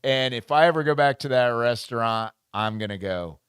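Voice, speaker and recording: An American man hosting a casual podcast, telling a funny travel story and reading trivia questions, animated and laughing often. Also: mid-range voice, moderate pace, clear, resonant tone, no echo, clean studio sound. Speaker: podcast host. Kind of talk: casual chat and trivia quizzing. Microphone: studio microphone.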